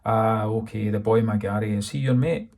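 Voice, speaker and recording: A man's voice: on the low side, fairly even intonation, normal speed, gravelly, darkish tone. A man voicing a huge, hairy former roadie with a friendly, folksy way of talking, read from a storybook. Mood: gruff friendly. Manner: friendly, folksy Scots turns of phrase. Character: hulking hairy ex-roadie, cheery then businesslike.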